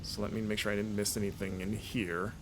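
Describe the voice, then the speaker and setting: Chatty young American streamer, laughs a lot. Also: male voice, fairly low pitch, little pitch movement, brisk, noisy background. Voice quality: chatty, laughs easily, jumps into playful mock voices. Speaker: streamer and games critic. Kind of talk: casual gameplay commentary.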